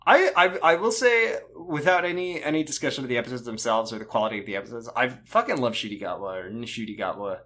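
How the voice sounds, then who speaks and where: A man co-hosting a casual podcast chat, animated and swearing, stumbling over his words when excited. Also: medium pitch, quick pace, few pauses. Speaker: podcast co-host.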